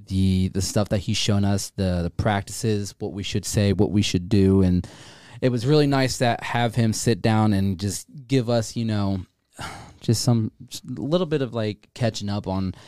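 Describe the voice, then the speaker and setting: A man co-hosts a casual podcast in a low, mellow voice, swearing freely and tripping over his words. His voice comes across smooth and close, with a dry, dead sound. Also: dry recording. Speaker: podcast co-host.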